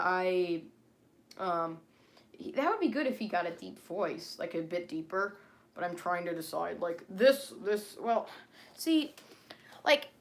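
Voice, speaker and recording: A young woman chatting casually on a livestream about her character, rambling with many fillers and restarts. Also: fairly low pitch.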